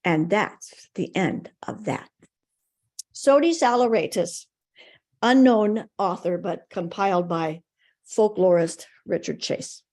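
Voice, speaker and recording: Expressive woman telling a folk tale. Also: lowish voice, slow pace. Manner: rhythmic, expressive narration. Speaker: storyteller. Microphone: video call.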